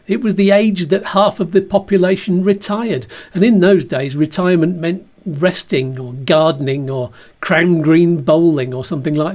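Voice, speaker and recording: A man's voice: on the high side, darkish tone. A sixty-year-old man, recording a chatty, self-mocking personal podcast. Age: 60s. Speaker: video diarist. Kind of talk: comic personal podcast monologue.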